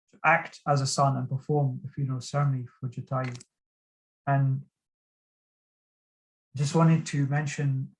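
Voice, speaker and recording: A man giving a devotional talk, earnestly retelling a sacred story with frequent pauses. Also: fairly high pitch, poor audio. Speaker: devotional speaker.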